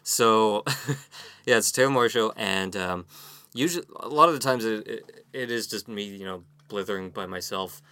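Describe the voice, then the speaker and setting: Podcast guest, mid pitch voice, lots of ums and uhs, kinda self-deprecating. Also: moderate pace, pushed and bright, dry recording. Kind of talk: casual podcast chat.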